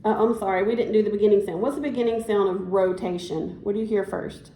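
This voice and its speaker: A woman teacher talks quickly in a warm, mid-range voice, guiding a single student through a science lesson and praising them as they repeat after her. The room is echoey, and there's a faint hiss or hum.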